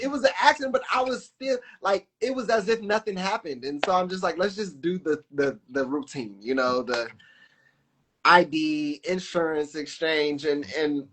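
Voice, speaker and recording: A man telling a personal story in casual conversation, animated and full of fillers, acting out the lines of people he quotes. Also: a little high. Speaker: podcast guest.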